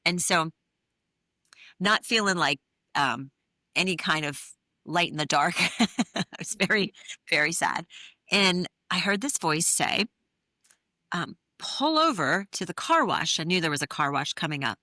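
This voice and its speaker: A woman's voice: low-pitched, measured pace, pauses often, bright, forceful tone, dry recording, studio quality. A middle-aged woman, an interview guest, telling a personal story in an earnest, candid way with many fillers. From New England. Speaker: interview guest, therapist and author.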